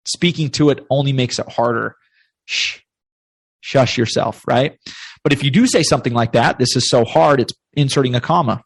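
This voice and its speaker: A man's voice: medium pitch, brisk, breathy edge, dry recording. Man, podcast guest, motivational, emphatic, acts out self-talk, dry close sound. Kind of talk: casual podcast conversation.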